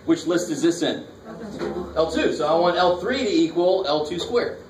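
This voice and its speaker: A fairly high-pitched male voice with lively intonation moves at a moderate pace through a college math lecture. The instructor casually shows students the calculator steps, adding slangy asides. It's recorded in an echoey classroom from a far-off mic with a bit of noise.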